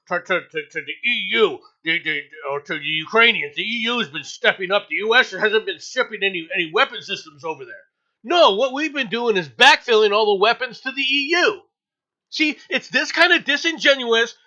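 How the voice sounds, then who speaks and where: A show host, male, rants angrily through an opinionated news commentary, swearing and repeatedly stammering as he restarts his sentences. His voice is very high-pitched with a sharp tone, captured in dull lo-fi audio.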